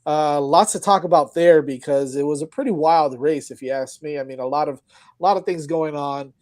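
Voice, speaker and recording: A man's voice: on the high side, normal speed, a little mellow, dry recording. A man hosting a casual sports podcast, talking in an upbeat, rambling way with many restarts. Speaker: podcast host. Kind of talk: casual chat.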